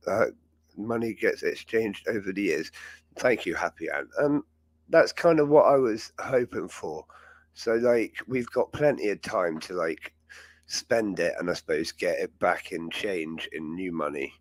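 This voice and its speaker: A man's voice: low-pitched, expressive, measured pace, no room sound. A man hosting a live chat show, talking in a rambling, chatty way and laughing often. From England. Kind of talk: casual live-stream chat.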